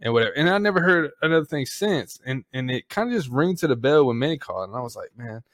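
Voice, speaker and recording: Cussing, animated podcast host guy. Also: medium pitch, fast talker, no room sound, clean studio sound. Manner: animated storytelling, heavy cursing. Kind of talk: casual chat.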